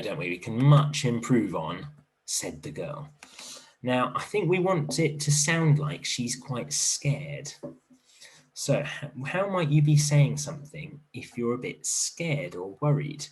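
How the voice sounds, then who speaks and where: A man teaching an online primary literacy lesson in a gentle, encouraging way, thinking aloud as he writes. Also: mid-range voice, big pitch swings, measured pace.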